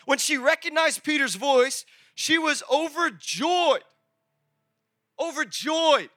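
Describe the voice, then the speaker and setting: An energetic male pastor preaches in a very high, piercingly bright voice, punching his points with repeated phrases and acted-out exchanges. The sound is dry and close, with faint music underneath. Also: dry recording. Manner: energetic, emphatic, repeats phrases, acts out dialogue. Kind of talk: sermon. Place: church service.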